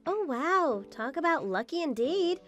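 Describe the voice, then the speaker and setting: A woman's voice: high-pitched, sing-song, unhurried, soft background music, full character voice. A woman voicing a patient, apologetic young daughter-in-law in a scripted story drama. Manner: apologetic, polite, gently defensive.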